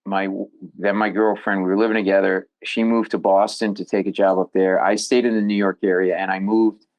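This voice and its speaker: Animated male comedian telling stories. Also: low-pitched, brisk, poor audio. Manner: animated, jokey storyteller. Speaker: comedian guest. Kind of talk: storytelling in a podcast interview.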